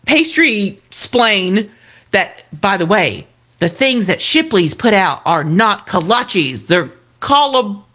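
A woman's voice: mid-range voice, lively intonation, slow pace, sharp tone. A woman co-hosting a casual chat show, animatedly telling stories and reading listener comments aloud. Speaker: radio show co-host.

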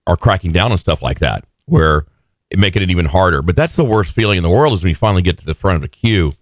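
A man co-hosting a relaxed talk show. His voice sits a little low but swings widely in pitch. He tosses in quick reactions and asides, and the sound is dry and close. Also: dry recording. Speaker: co-host. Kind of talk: casual chat.

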